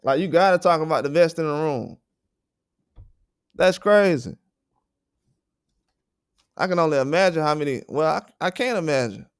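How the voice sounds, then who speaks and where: A man's voice: fairly high pitch, moderate pace, pauses often, clear, resonant tone, no room sound. Male livestream host, fired-up and profane, clean resonant tone with a dry close sound. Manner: blunt, profane, indignant. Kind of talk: heated livestream rant.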